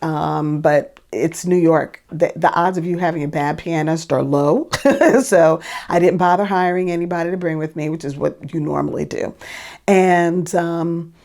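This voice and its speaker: A woman's voice: lowish voice, darkish tone. A woman singer casually telling a story about an audition, chatty with lots of fillers and restarts.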